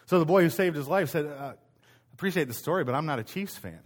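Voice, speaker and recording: A man's voice: on the high side, lively intonation, fast. Storytelling man preaching a sermon. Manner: conversational storytelling, self-interrupting restarts. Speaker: pastor. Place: church meeting room.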